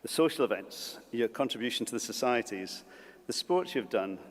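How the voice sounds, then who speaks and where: A man giving a humorous graduation speech as college principal, with halting restarts, at a lectern in a large hall. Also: medium pitch, animated. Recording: long reverb of a large hall.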